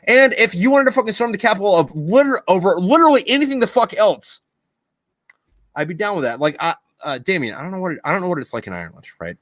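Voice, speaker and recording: A man's voice: high voice, sing-song, quick pace, a bit bright, no room sound. A man hosting a podcast, ranting heatedly with lots of swearing and stammered restarts. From United States. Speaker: podcast host. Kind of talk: casual podcast chat. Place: video podcast recording.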